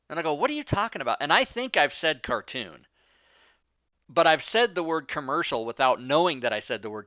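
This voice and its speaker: A man's voice: a little high, sharp tone, clean tone, no room sound, dull audio. A man hosting a live-streamed talk show, chatting casually and rambling off on tangents with the odd swear word. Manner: rambling, profane, self-interrupting.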